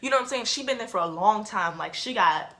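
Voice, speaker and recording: A woman's voice: mid-range voice, animated, quick pace, fairly bright tone. A woman in her late teens telling a casual storytime to her camera, chatty and full of fillers. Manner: chatty, with many "like"s and "um"s. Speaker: vlogger.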